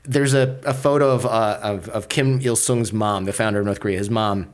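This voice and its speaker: A man's voice: lowish voice, fairly even intonation, moderate pace. A man, a podcaster and lawyer, telling a story as a guest in an interview, acting out the people he quotes with sarcastic asides. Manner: acts out quoted voices, sarcastic, swears casually. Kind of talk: animated storytelling in conversation.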